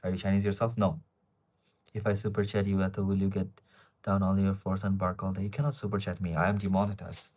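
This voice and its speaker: Deep-voiced young man live-streaming. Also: little pitch movement, fast talker, darkish tone. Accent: Asian-accented English. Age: 20s. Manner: rambling, reads chat questions aloud and answers them. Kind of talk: casual live-stream chat answering viewers.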